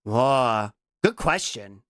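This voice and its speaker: A young adult VTuber streamer chatting casually on a live reaction stream. They break into playful shouts and keep tossing out a questioning "what?". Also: mid-range voice, animated, extremely slow, clear, resonant tone, dry recording, studio quality. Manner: keeps repeating a questioning "what?" between remarks; stumbles and restarts mid-sentence.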